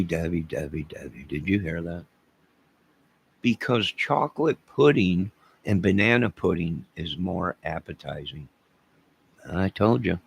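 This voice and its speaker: Gravelly low-voiced Southern man rambling. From American South. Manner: rambling, jokey, talks to chat viewers by name. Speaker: live stream host reading chat. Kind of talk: casual live-stream chat.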